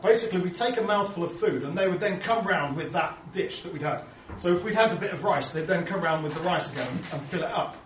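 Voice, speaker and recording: A rather high-voiced Englishman tells chatty, self-mocking stories to a crowd, slipping into the voices of the people he quotes. He sounds distant from the microphone, and his words ring through a large echoey hall. A faint hiss runs underneath. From England. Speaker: speaker showing photos to an audience. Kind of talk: humorous anecdotal talk.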